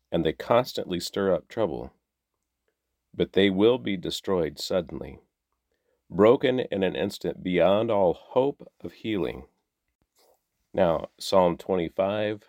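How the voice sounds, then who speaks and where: A man reading the daily Bible passages aloud in a measured, steady way. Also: deep voice, no room sound, studio quality. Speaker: Bible reader.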